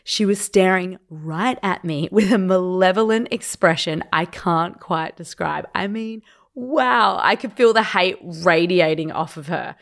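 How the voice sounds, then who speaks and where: A slightly hungover woman co-hosting a casual podcast, telling stories in a chatty, animated way. Her voice sits a little low, and she reads listener tales aloud between laughs. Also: a little slow, hardly any pauses. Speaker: podcast co-host.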